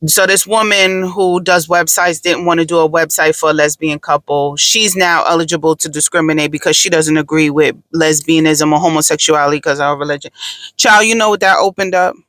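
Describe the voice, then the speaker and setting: A woman's voice: deep voice, fairly even intonation, fairly quick, a bit bright, no echo, poor audio. A woman hosting a podcast, talking in a casual, blunt and profane way, with emphatic storytelling. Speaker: podcast host.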